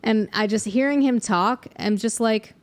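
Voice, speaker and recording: A woman's voice: fairly high pitch, measured pace. A young adult woman, a songwriter and middle school music teacher, chatting casually on a podcast and thinking aloud with fillers and small laughs.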